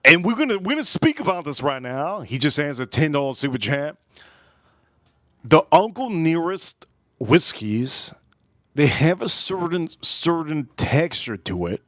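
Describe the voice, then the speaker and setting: A man's voice: on the high side, sing-song, measured pace, fairly bright tone, no echo, clean studio sound. A man hosting a casual whiskey livestream, rambling and repeating himself with joking asides to his chat. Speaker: livestream host reviewing whiskey.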